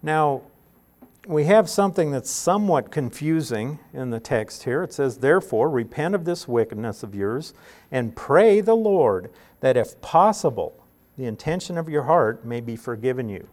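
Man, Bible teaching, steady mid-pitched voice, explanatory, deliberate emphasis. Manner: explanatory, careful, slows to stress key words.

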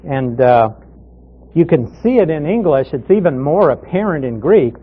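Pastor, male, Bible-class teacher; somewhat high voice, emphatic, muffled lo-fi audio. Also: very animated, moderate pace. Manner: emphatic, repeats key words, reads scripture aloud. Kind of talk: Bible study lecture. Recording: muffled lo-fi recording.

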